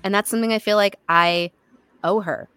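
A woman voice actor chats as a guest on a podcast, spinning stories with animated energy. She slips into little voices for the lines she quotes. Her voice is of middling pitch and recorded dry and close. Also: fairly quick, clear, resonant tone, dry recording. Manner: animated storyteller who acts out quoted lines. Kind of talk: casual podcast chat.

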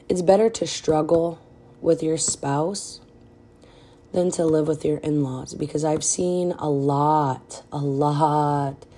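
A woman's voice: sits low, dark tone. A woman hosting a podcast, talking frankly and directly in a casual advice chat, a little out of breath. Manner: frank and direct, many fillers. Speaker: podcast host.

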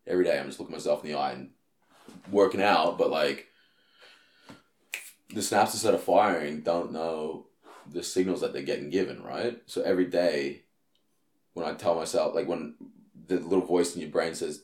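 A man's voice: low-pitched, moderate pace, pauses often, roomy sound. A man in casual conversation, talking animatedly and swearing often. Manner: heavy swearing, animated storytelling. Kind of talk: casual chat.

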